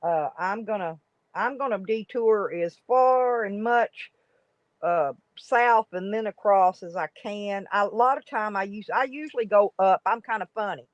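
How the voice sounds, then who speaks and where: A woman's voice: mid-range voice, a little slow, dry recording. Chatty woman on a livestream. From United States. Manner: rambling, chatty, greets viewers by name. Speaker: livestream host. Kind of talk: casual live chat reading comments. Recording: dry, dull lo-fi stream audio.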